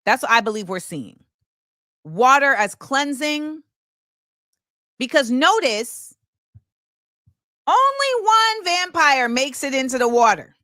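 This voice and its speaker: A woman's voice: high-pitched, big pitch swings, slow pace, pauses often, sharp tone, no room sound, studio quality. A woman hosting her own show, delivering an impassioned film commentary monologue and repeating key phrases for emphasis. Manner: opinionated and impassioned. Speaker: show host.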